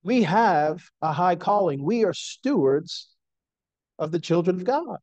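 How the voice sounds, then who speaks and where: A middle-aged man preaching a sermon in an earnest, slow and emphatic way. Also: sits high, animated, a little mellow, no room sound.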